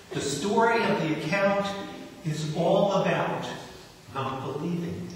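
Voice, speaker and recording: Man preaching, pastor, slow, slightly high voice, echoey church hall, distant mic. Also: expressive, slight background noise. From New Jersey. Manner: conversational preaching with acted-out quotes. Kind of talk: sermon.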